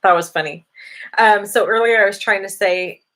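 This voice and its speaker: Her pitch is medium, her pace moderate, her tone fairly bright. She's hosting a casual live Q&A on a stream, upbeat and talkative as she reads viewer comments and replies.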